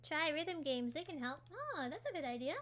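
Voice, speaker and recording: A woman with a high, bright voice hosts a casual gaming livestream. She chats and giggles easily, answering her viewers while she plays. Her tone stays light and sharp throughout. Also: very animated, normal speed. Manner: chatty and giggly, reacting to chat while building. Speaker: livestream host.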